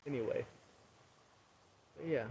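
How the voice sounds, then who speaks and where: A man's voice: mid-range voice, takes it slowly, gravelly, dark tone, a little hiss or hum. A young man vlogging outdoors, talking about his recovery and encouraging viewers in an earnest, rambling way. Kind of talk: casual motivational talk. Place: outdoors, public area.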